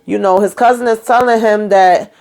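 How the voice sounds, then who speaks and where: A woman vlogger chatting casually through a TV episode recap, animated and quick to act out lines. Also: mid-range voice, creaky. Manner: chatty and animated, acting out quotes.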